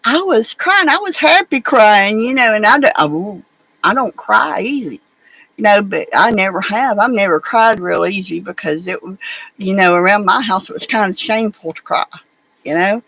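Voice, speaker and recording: A woman talks casually to her viewers in a mid-pitched voice. She rambles in a folksy way, circling back with fillers and restarts as she tells a family story. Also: moderate pace, gravelly, a bit bright, husky, rough recording. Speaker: vlogger.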